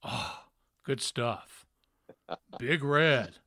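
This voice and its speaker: A man from Tennessee, a former radio broadcaster, hosting a casual interview with a folksy, animated storytelling manner and a slight Southern accent. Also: mid-range voice, drawn-out words, a crowd in the background. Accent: trained-down Southern. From Memphis, Tennessee.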